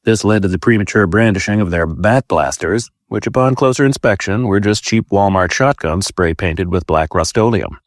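A man giving a deadpan comic narration with a dry, wry delivery and mock-formal wording. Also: on the low side, moderate pace, hardly any pauses, dry recording.

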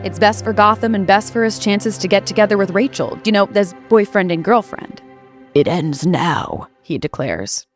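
A woman doing scripted comedic narration in a deadpan way, full of wry asides. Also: medium pitch, brisk, hardly any pauses, faint music behind.

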